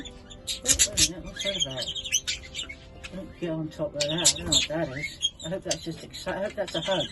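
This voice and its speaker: A woman vlogging in her bird aviary, coaxing and cooing at her budgies in affectionate baby talk, with soft laughs. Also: deep voice, fairly quick. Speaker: budgie keeper and channel host. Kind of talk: casual vlog talking to pet birds. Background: loud music and chirping budgies.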